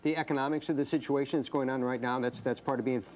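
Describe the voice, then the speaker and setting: A man hosting a TV news interview, briskly leading the questions and cutting in to move things along. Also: mid-range voice, fairly even intonation, a little mellow, dull audio, a little hiss or hum. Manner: brisk, leads and cuts in.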